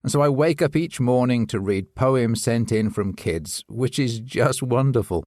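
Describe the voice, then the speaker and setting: A man's voice: mid-range voice, animated, measured pace, darkish tone, no room sound, clean studio sound. A man who hosts a poetry podcast, chatting as a guest in an upbeat, friendly way. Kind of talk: scripted podcast chat.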